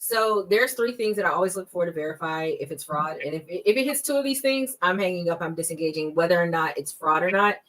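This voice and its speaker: A woman's voice: lowish voice, animated, a bit bright, poor audio. A woman in her thirties, a guest expert on a podcast, explaining fraud warning signs in an emphatic, conversational way. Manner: emphatic, acts out scam calls in quick bursts.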